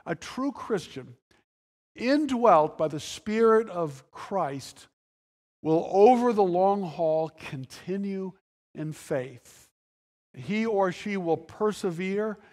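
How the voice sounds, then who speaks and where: A man's voice: sits high, darkish tone, in a large hall. A male pastor delivering a conversational sermon, full of restarts and quoted dialogue that he acts out. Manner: conversational preaching with restarts and dramatic quoted voices. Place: church sanctuary.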